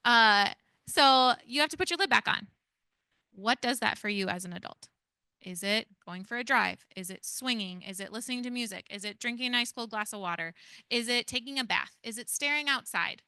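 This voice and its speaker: A woman, a parent educator giving a lively workshop talk to foster parents and asking the audience many questions. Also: on the high side, moderate pace, smooth, no echo, studio quality.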